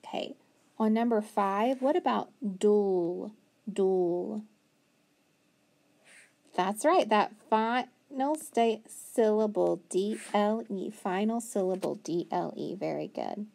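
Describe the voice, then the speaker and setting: Female teacher, mid pitch, patient phonics lesson, slow sounding-out, encouraging. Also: creaky, darkish tone. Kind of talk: phonics lesson to young children.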